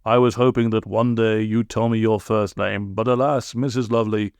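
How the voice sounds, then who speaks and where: A man's voice: fairly low pitch, level tone, normal speed, darkish tone, clean tone, no echo, natural voice. A man voicing a polite, eccentric young man who talks in grand, dotty phrases. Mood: dramatic. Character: cheerful eccentric young man, odd and chatty.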